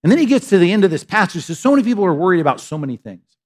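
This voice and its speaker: A middle-aged man preaching to a church congregation, and his voice sits a little higher than most men's. His delivery is lively and conversational, with quick asides, and he slips into the voices of the people in his text. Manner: animated, conversational preaching with frequent "right?" asides; acts out voices of characters in the text. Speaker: pastor. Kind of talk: sermon. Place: church sanctuary.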